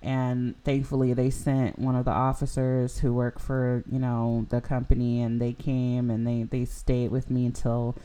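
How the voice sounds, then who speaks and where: A young woman recounts events on her podcast in a loose, chatty way, leaning on "like" and "you know". Her voice is dark and mellow, with little rise and fall in pitch. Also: monotone, unhurried, hardly any pauses. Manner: rambling, heavy use of "like" and "you know". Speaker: podcast host. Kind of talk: casual personal storytelling.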